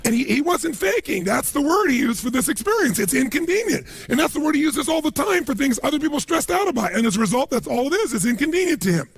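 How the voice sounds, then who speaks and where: Middle-aged guy doing a motivational seminar, gravelly husky voice, high-ish, dry sound. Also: fast, hardly any pauses, no echo. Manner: animated storytelling, acts out quoted voices. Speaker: motivational speaker.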